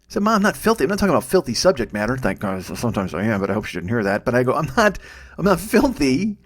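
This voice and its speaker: A man's voice: medium pitch, big pitch swings, quick pace. A man in his fifties hosting a solo comedy podcast, rambling and self-mocking with heavy swearing. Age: 50s.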